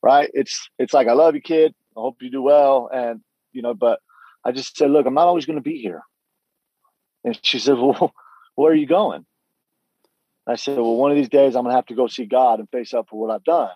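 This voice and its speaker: A middle-aged man tells his own story with quiet earnestness, stumbling and restarting as he acts out the voices of others. His voice is mellow and dark, recorded close and dry with a slightly muffled, lo-fi sound. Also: mid-range voice, no room sound. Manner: earnest, halting storytelling with many restarts and acted-out dialogue. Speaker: guest telling his story. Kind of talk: candid personal testimony.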